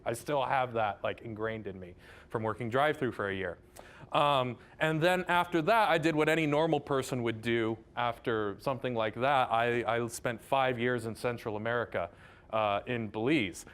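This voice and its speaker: Chatty, excitable man giving a lecture. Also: mid-range voice, normal speed. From Southern California. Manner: chatty, enthusiastic, self-deprecating, many "right?" asides. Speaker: math professor. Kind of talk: public lecture.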